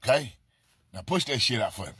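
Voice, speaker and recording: A man's voice: mid-range voice, expressive, fairly quick, a bit bright, breathy edge, no echo, clean studio sound. A middle-aged man, delivering a profane, mocking comedic monologue full of repetition. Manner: brash, mocking, heavy on repetition and cursing. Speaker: comedic storyteller. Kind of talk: profane comedic monologue addressed to an absent person.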